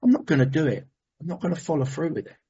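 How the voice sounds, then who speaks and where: A man from Brighton, sharing his recovery story in a heartfelt, rambling way and then leading a prayer. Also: fairly high pitch, fast, breathy edge, lo-fi sound. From Brighton, England. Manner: heartfelt, rambling, self-interrupting. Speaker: recovery meeting speaker. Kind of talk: personal share and prayer.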